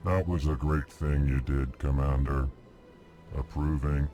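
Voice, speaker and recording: A ponderous, emotionless alien diplomat. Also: male voice, soft background music. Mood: flat monotone. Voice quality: very deep, slow monotone, labels each emotion before speaking.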